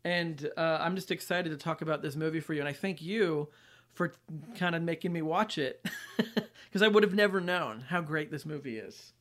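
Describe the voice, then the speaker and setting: A man's voice: fairly high pitch, moderate pace, a bit bright. A man co-hosting a podcast, chatting casually about a film, loose and full of fillers. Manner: easygoing, many likes and fillers. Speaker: podcast co-host.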